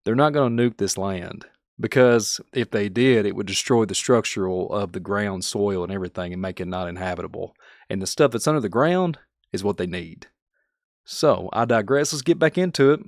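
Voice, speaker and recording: Excitable folksy podcaster. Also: male voice, on the low side, normal speed, dry recording, clean studio sound. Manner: animated, folksy, talks straight to the audience. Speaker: podcast host. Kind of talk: excited conspiracy podcast commentary.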